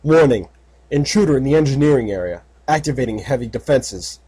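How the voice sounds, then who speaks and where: A man voicing an automated security system in a fan audiobook, reading alerts in a flat, mechanical way. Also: medium pitch, fairly quick, breathy edge, poor audio.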